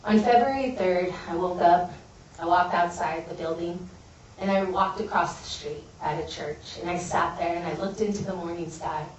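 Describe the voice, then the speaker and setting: A woman's voice: on the low side, normal speed, slight background noise. A woman gives an earnest, heartfelt personal testimony as a guest speaker at a college event. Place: large building at a college event. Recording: echoey hall from a distance.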